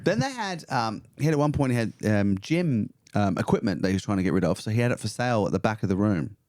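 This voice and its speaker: South African man as a chatty podcast guest, rambling and cursing, his pitch swinging up and down in a lively way. The sound is dry and close, with no room echo. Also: fast. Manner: swears freely, animated rambling storyteller, stumbles over words. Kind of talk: casual chat.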